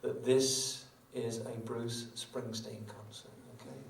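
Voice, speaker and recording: A man's voice: mid-range voice, little pitch movement, slow pace, distant mic, a little hiss or hum. A middle-aged man, a guitarist, chatting wryly between songs at a live show, telling self-mocking stories. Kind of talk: on-stage patter between songs. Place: small concert venue on stage. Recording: echoey venue from afar with guitar.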